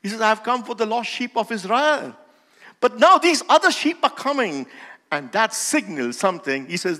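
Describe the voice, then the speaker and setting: A man preaching a sermon as pastor, with emphatic, slowly stressed phrases that swell in volume. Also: high voice, big pitch swings, sharp tone. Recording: long hall reverb.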